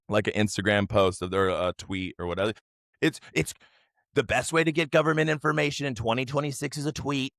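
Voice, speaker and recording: A man's voice: medium pitch, fairly bright tone, no echo, studio quality. Rambling, profane man. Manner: rambling, profane, heavy use of "like". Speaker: podcast host. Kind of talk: casual chat.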